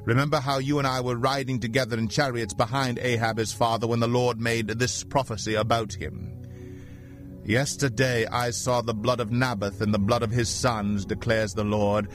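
A blunt, commanding army commander giving firm orders, voiced by a man reading a scripture story. The pitch is ordinary and middle, with faint music playing behind. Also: lightly acted.

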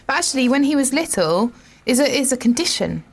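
A woman's voice: high voice, very animated, a little fast, breathy edge. A woman co-hosting a casual radio show, playful and giggly. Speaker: radio co-host.

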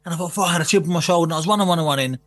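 Guy, pretty high voice, swearing and laughing through a story. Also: racing, a bit bright. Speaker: guest. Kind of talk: casual storytelling chat.

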